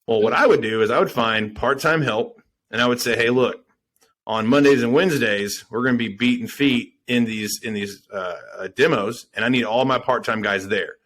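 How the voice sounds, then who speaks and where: A man's voice: mid-range voice, moderate pace, a bit bright, slight background noise. A man talking casually on a business podcast, rambling with fillers and swearing.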